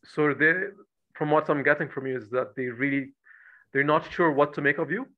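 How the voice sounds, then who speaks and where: A man's voice: fairly high pitch, fairly even intonation, normal speed, muffled recording. A man hosting a podcast, asking questions in a hesitant way, with many "uh"s and restarts. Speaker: podcast host. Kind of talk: interview questions.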